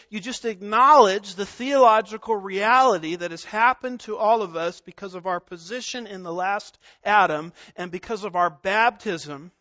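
A man preaching an expository sermon, deliberate and emphatic, repeating key words. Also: high voice, sharp tone, no echo, muffled recording. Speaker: pastor.

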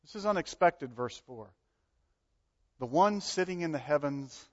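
A man preaching a sermon, animated, acting out the voices he quotes and swinging between loud and soft. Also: a little high, measured pace, long pauses. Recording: dull lo-fi sound.

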